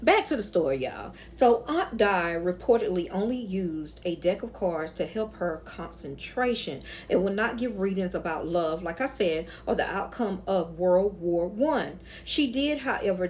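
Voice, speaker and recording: A sassy woman with a Southern accent tells her story in a casual, colloquial style and speaks straight to her viewers as honey and y'all. Her voice sits at a plain middle pitch. A faint room ambience hums behind her. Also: lively intonation, unhurried, hardly any pauses, a little mellow, slight background noise. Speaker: spiritual channel host.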